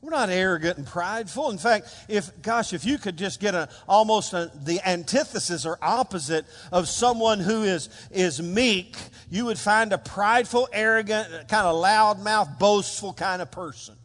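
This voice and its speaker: A pastor delivers a lively sermon in a church sanctuary, his fairly high voice carrying through a long, echoing reverb. He calls out to the congregation for answers. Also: moderate pace, few pauses. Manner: animated, calls for congregation responses.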